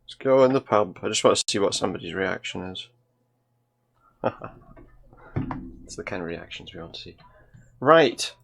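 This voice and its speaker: A man with a slightly low voice chats casually while playing a video game. He thinks out loud and reads the characters' lines as he goes, talking close to a desk microphone. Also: expressive, moderate pace, creaky, pauses often. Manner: chatty, thinks aloud and reads in-game dialogue. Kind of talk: casual let's-play commentary.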